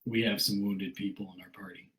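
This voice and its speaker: Man doing a calm, friendly adventurer. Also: lowish voice, a little fast, close to an everyday voice. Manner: matter-of-fact, hesitant with fillers. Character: friendly male adventurer, calm party leader. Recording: roomy echo.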